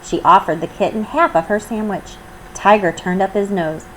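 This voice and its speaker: A woman reading a children's storybook aloud as host of her channel, in gentle, measured narration. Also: medium pitch, a little hiss or hum, poor audio. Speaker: storybook reader.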